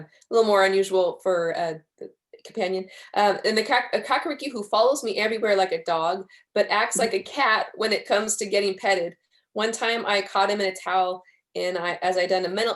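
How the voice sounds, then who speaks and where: A woman with a mid-range voice hosts a webinar and reads viewer questions aloud. She speaks in a relaxed way with small hesitations. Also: medium pitch. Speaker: webinar host. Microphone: video call.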